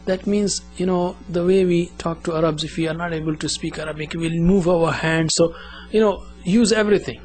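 Male language teacher, patient repeat-after-me drills, slightly raised pitch, low hum in the recording. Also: fairly even intonation, a little mellow, faint music behind. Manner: slow, drilling call-and-repeat. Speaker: Arabic teacher. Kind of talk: classroom language lesson.

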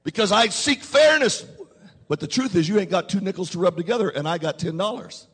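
High-pitched, bright-toned preaching man. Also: lively intonation, fairly quick, husky, long reverb tail. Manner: call-and-response preaching, repeats lines, rises to shouts. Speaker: pastor. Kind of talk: sermon.

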